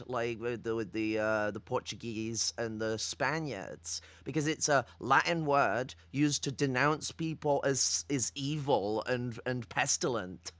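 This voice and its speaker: A man's voice: medium pitch, fairly bright tone, dry recording. A man with a Northern English accent hosting a political commentary livestream, rambling and profane, teasing as he talks. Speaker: livestream host.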